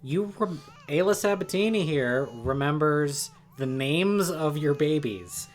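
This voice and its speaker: A woman's voice: low voice, expressive, a little slow. A woman co-hosting a game stream, teasing the player and relaying viewer chat in a dry, casual way.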